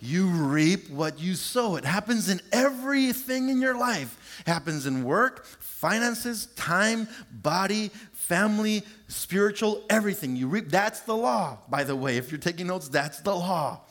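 A middle-aged male pastor delivers a sermon in an animated, confessional style, drawing out words and shifting pitch sharply for emphasis. He makes lively, joking asides to his congregation, speaking at a measured pace with hardly any pauses.

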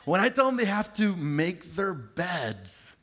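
Animated high-voiced preacher man. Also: takes it slowly. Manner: animated and confessional, draws out words, shifts pitch sharply for emphasis; lively, joking asides to the congregation. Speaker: pastor. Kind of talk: sermon.

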